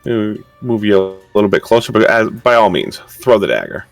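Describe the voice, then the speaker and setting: Low-voiced man running a tabletop game. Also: big pitch swings, a little fast, vocal fry, dry recording, soft background music. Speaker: game master.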